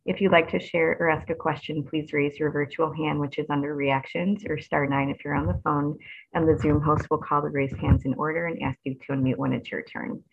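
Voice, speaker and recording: Man, meeting chair, husky gravelly voice, phone-like sound. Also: a little high, flat delivery, fairly quick. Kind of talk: reading meeting guidelines.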